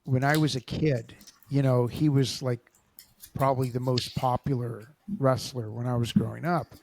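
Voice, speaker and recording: A man, a podcast host telling stories in an animated way and laughing often. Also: medium pitch, normal speed, gravelly. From Los Angeles, USA. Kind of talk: casual interview storytelling.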